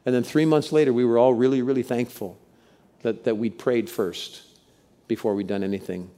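A man's voice: medium pitch, steady tone, normal speed, mellow. A middle-aged male pastor preaching a sermon to his congregation, telling stories and leading them in call-outs. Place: church sanctuary with congregation.

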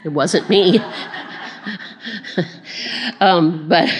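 A woman with a fairly low voice preaching in a relaxed, conversational way. She laughs at herself, stumbles and restarts, and picks up energy as she retells a story. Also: extremely slow. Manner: chatty and self-deprecating, with laughing asides and restarts. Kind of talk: conversational sermon.

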